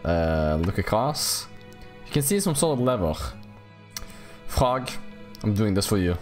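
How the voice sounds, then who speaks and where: A young man giving casual, jokey let's play commentary on a horror game, rambling and squealing up high when excited. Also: unhurried. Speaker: gaming YouTuber. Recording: faint game music behind.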